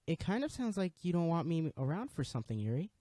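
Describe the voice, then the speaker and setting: A man's voice: a little high, sing-song, quick pace, mellow, no echo, voice pushed up. A man voicing a cheerful, confident teenage girl who leads a school club, speaking sweetly and a little apologetically. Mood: polite, firm.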